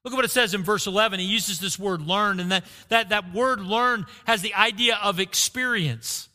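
A man's voice: sits high, moderate pace, pushed and bright. A man preaching a sermon as pastor, asking rhetorical questions and repeating key phrases, recorded in a church sanctuary with long reverb.

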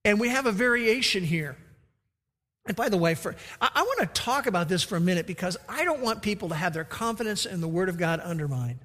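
A man's voice: high voice, expressive, brisk, sharp tone. A man preaching a sermon as pastor, emphatic, acting out the quoted lines. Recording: reverberant hall.

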